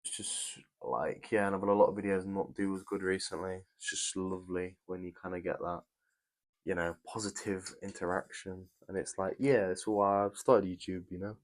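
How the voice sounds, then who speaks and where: A young man with a British accent and a low voice talks to his live-stream viewers while he builds. He rambles along in a chatty, easygoing way. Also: steady tone, moderate pace. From Britain. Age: young adult.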